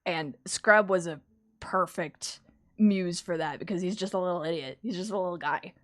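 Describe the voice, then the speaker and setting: A woman's voice: fairly low pitch, moderate pace. Chatty woman artist streaming. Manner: chatty and animated, often laughing. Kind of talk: casual chat while drawing on stream.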